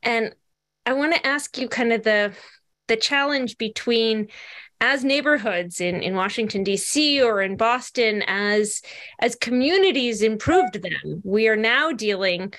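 A woman interviewer asking questions softly, with restarts and hesitations. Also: fairly high pitch. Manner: soft-spoken, halting questions.

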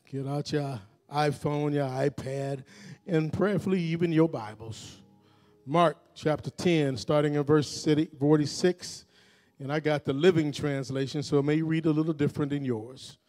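A male pastor delivers a call-and-response sermon in a church sanctuary. His voice sits high for a man, and he rises from low, quiet phrases into loud shouts that urge the congregation to answer back. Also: unhurried, soft background music.

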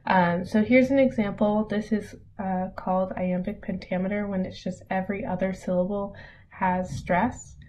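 A woman teaching an online lesson in a relaxed, casual way, with many ums as she reads examples aloud. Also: medium pitch, moderate pace. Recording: dull lo-fi audio with faint noise.

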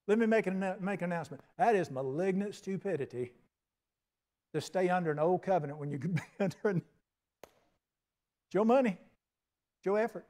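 An older man delivering a sermon in a drawl. His voice sits fairly high. He preaches in a folksy, storytelling way, acting out little conversations and moving between hushed and booming. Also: animated, normal speed, pauses often. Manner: folksy preaching with acted-out dialogue and big swings in loudness. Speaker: pastor.

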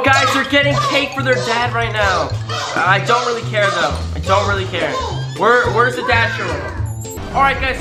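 A woman hosting a reaction video, loud and excitable, talking straight to viewers as "guys". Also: high-pitched. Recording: roomy echo, music underneath.

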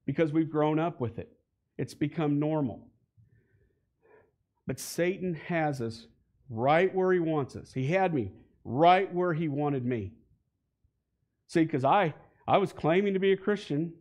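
A man's voice: on the high side, a little slow, long pauses, darkish tone. A man in his forties telling his personal faith story to a church congregation, conversational and building to heated emphasis. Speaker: guest speaker giving a testimony. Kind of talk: church testimony. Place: church sanctuary.

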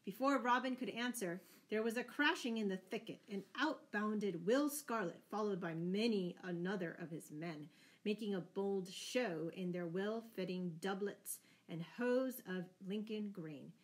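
A woman narrates an old adventure tale at an easy, steady pace. Her voice sits in a middle register, and she raises it brightly whenever a character cries out. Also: a little slow, low-quality recording. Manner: lively, raising pitch and volume for shouted dialogue. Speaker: audiobook reader. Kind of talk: storybook narration with voiced dialogue.

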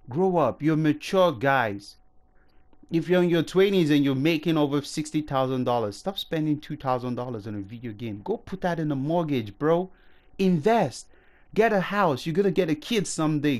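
A man's voice: a little high, darkish tone. A young man ranting to his viewers, heated and profane, scolding them and then pleading with them. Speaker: gaming YouTuber. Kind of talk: angry rant to camera.

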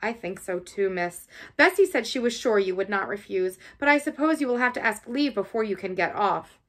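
A woman's voice: medium pitch, expressive, moderate pace, close to an everyday voice. A woman voicing a respectful male servant bringing grave news, in an audiobook reading.

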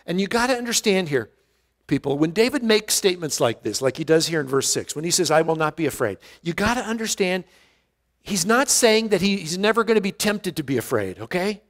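A man's voice: high voice, lively intonation, a little fast, long reverb tail. A male pastor teaching a verse-by-verse Bible study in an earnest way, often restarting words and stressing key phrases.

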